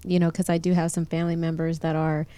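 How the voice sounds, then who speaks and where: A woman speaks in casual podcast chat, measured and deliberate with a devout turn of phrase. The sound is dry and close, with no room around her voice. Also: deep voice, completely flat delivery, dark tone, clear, resonant tone, no room sound.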